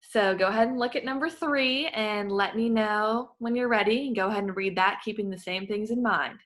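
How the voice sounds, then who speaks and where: A woman's voice: medium pitch, moderate pace, a bit bright. A woman working as a voice clinician, giving patient, encouraging step-by-step instructions in a therapy session.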